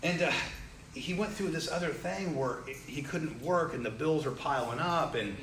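A man casually telling a story, acting out the people he quotes, with growing excitement. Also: a little high, normal speed. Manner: animated, acts out quoted people, rising excitement. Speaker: storyteller sharing a testimony. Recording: roomy echo, faint ambient noise.

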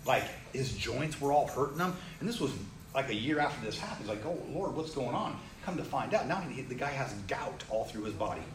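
A man casually telling a story, acting out the people he quotes, with growing excitement. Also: mid-range voice, a little fast. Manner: animated, acts out quoted people, rising excitement. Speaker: storyteller sharing a testimony. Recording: roomy echo, faint ambient noise.

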